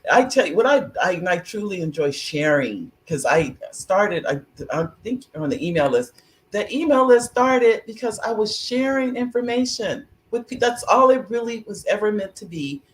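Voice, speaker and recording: A woman's voice: medium pitch, expressive, moderate pace. A woman hosting an interview show in a mid-range voice. She listens closely, affirms often and reflects her guest's feelings back to her. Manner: affirming, frequent backchannel, reflective. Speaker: show host. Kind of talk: interview conversation.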